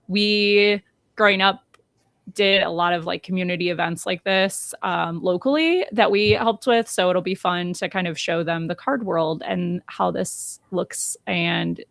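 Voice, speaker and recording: A woman's voice: fairly low pitch, vocal fry, a bit bright, no echo. A woman co-hosting a casual podcast, chatty and full of ums and restarts. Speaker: podcast co-host.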